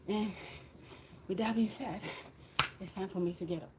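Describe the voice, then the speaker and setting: A woman's voice: fairly low pitch, moderate pace, pauses often, background noise. Upbeat motivational woman livestreaming. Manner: encouraging, motivational, talks while exercising on a bike. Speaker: livestreaming fitness vlogger. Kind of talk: casual livestream chat with viewers.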